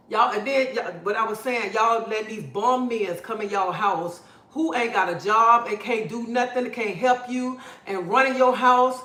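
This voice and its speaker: A woman's voice: a little high, sharp tone, reverberant. Fiery woman ranting on a phone livestream. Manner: preachy, blunt, fiery. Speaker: livestream host. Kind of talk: impassioned livestream rant.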